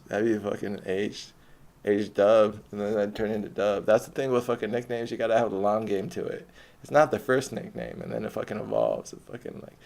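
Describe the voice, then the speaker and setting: Gravelly, rambling, foul-mouthed man. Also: fairly low pitch. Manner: rambling, heavy swearing, laughs often. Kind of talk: rambling profane monologue.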